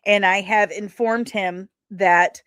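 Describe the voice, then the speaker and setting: A woman's voice: mid-range voice, fairly even intonation, takes it slowly, fairly bright tone, dry recording, studio quality. A woman hosting a livestream in a rambling, chatty way, tired after a long day of travel and laughing often. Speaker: livestream host. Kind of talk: casual chatty stream talk.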